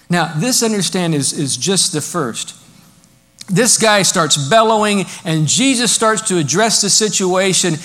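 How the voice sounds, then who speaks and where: A man preaching a sermon in a church, animated and emphatic, now and then mimicking critics in a mocking tone. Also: a little high. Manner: animated preaching, mock voices of modern critics. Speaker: pastor.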